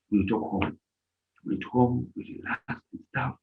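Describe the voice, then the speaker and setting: A man's voice: medium pitch, a little slow. A man giving an informal motivational talk on a live stream, emphatic and repetitive as he tells stories. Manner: animated, emphatic storytelling with repetitions. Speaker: live stream speaker advising volunteers. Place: lives in Germany. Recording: dull lo-fi live stream audio.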